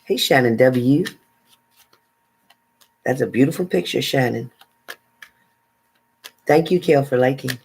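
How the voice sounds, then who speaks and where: A woman's voice: rumbling low, measured pace, creaky, pauses often, a little mellow, slight background noise, poor audio. Chatty woman greeting live-stream viewers. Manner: chatty, reads out viewer names, stumbles over names. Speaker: tarot reader greeting live chat. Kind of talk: casual live-stream chat.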